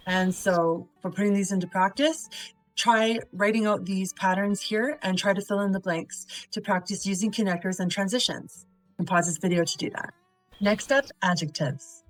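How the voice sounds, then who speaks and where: A woman's voice: mid-range voice, no echo, poor audio. A woman teaching a recorded video lesson on essay writing, methodically reading example sentences aloud and quizzing the viewer before giving the answers.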